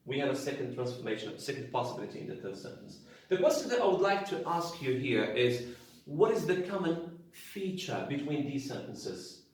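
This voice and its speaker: A man teaching an English grammar lesson, explaining slowly and repeating key phrases for emphasis. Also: mid-range voice, lively intonation, a little mellow, heavy reverb.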